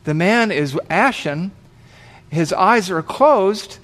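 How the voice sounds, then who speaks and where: A man's voice: high voice, lively intonation, takes it slowly, a bit bright. Man telling a vivid sermon story. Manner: vivid storyteller, acting out quoted voices. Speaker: pastor.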